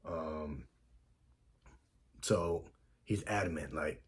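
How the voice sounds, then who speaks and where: A man's voice: low voice, fairly even intonation, normal speed, husky. A man casually telling a story about his past, full of fillers and quoted back-and-forth dialogue.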